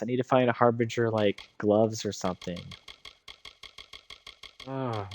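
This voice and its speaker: A man's voice: fairly low pitch, fairly even intonation, a little slow, darkish tone. A tired man giving casual commentary on his game as a let's play streamer, musing aloud as he weighs his choices.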